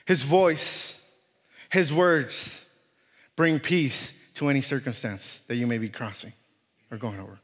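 Animated and measured, the accented preacher speaks in a fairly bright voice on the high side. After reading scripture aloud, he presses his points through repetition and rising emphasis, and jokes self-consciously about his non-native English. Long reverb fills the church hall.

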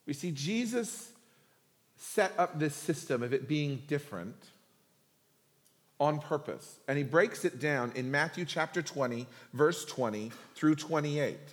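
A man preaching a sermon in a lively, humorous, conversational way. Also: on the high side, unhurried, long reverb tail. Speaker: pastor.

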